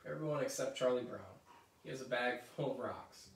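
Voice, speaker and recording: A man reading a children's book aloud at a middle pitch, adding chatty asides as he goes. The room echoes, and he sits back from the mic. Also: a little fast, creaky. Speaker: story reader. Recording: roomy echo, mic at a distance.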